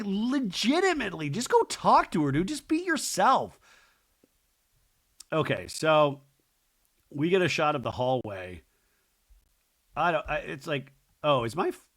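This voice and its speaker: A man's voice: mid-range voice, fairly bright tone. A young adult man hosting a solo podcast, sarcastically recapping a reality show in casual chat, swearing freely and mocking people in exaggerated quoted voices.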